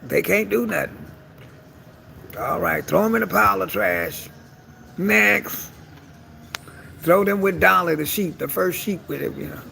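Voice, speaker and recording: Sassy, gravelly-voiced man vlogger. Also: high-pitched, measured pace, long pauses, slight background noise, rough recording. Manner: animated, sassy, swears freely and keeps saying "honey". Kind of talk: casual comedic monologue.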